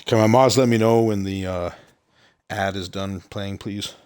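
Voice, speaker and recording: A man with a deep, low voice talks through his game on a live stream. He rambles along in a relaxed way, filling gaps with ums and uhs. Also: a little slow, smooth. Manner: relaxed, rambling, with many fillers. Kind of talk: casual gameplay commentary.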